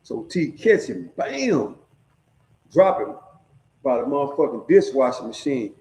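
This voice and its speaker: Middle-aged man, relaxed streetwise storyteller with a warm tone, recorded in a roomy space. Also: medium pitch, unhurried. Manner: profane, streetwise, keeps checking in with "right?". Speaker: storyteller sharing prison stories. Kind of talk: casual storytelling. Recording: echoey room.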